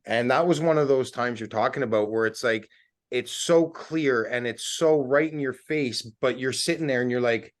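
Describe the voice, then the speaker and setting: A man, a paranormal investigator, recounting an experience in casual talk, animated and tripping over his words. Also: medium pitch, moderate pace. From Canada. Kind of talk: casual conversational interview.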